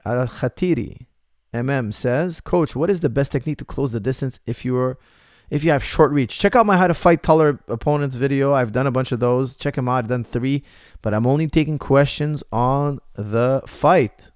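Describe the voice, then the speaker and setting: A man's voice: mid-range voice, normal speed, darkish tone, no room sound, studio quality. A man, an MMA coach, answering viewer questions in a casual live chat, repeating points for emphasis.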